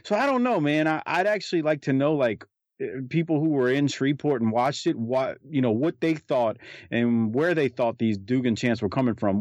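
A man's voice: medium pitch, no echo. A man co-hosting a casual commentary chat, rambling with many restarts and fillers. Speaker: podcast co-host. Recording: dull lo-fi recording.

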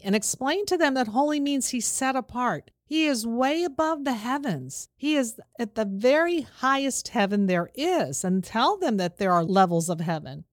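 A woman giving an earnest, steady religious lesson to parents, speaking in a plain instructive way. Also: mid-range voice, no echo, clean studio sound. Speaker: Christian teacher for parents.

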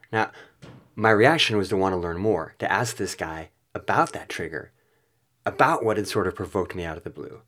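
A man's voice: on the low side, fairly bright tone. A man hosting a podcast, reading a reflective, self-deprecating outro. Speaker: podcast host.

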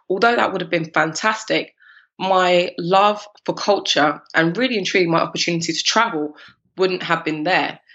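A woman from East London in her thirties with a London accent, telling her story as a podcast guest in an animated, laughing way. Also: lowish voice, dull audio. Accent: London English. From East London, England. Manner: animated, laughing, acts out her past self in quotes. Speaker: guest, cupcake business founder.

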